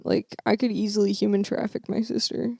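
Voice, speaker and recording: Young woman, casual podcast banter, mellow dry sound, joking. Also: medium pitch, little pitch movement, creaky, no room sound. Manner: joking, laughs often, drawn-out fillers. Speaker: podcast co-host. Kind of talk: casual chat.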